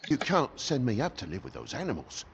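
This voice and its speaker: A man's voice: medium pitch, very animated, brisk, slight background noise. An actor with an English accent playing a down-on-his-luck male toad living in a tenement, pleading and swearing in a video game. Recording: dull, lo-fi game audio with faint ambience.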